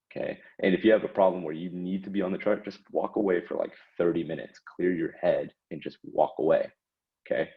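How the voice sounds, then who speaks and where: A man with an extremely low voice explains things in a loose, conversational way. He leans on fillers and checks in with the listener often. The recording sounds dull and lo-fi. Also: fast talker. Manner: conversational, frequent fillers and tag questions. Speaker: trading educator. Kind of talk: casual instructional talk.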